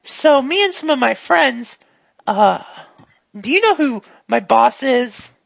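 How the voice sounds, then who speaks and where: A woman's voice: high-pitched, animated, takes it slowly, vocal fry, no echo, pitched above the performer's own voice, heavily acted. A woman voicing a dazed, overfriendly male gang member whose mind keeps glitching. He talks eagerly and forgets himself mid-thought. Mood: chatty. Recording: dull lo-fi recording.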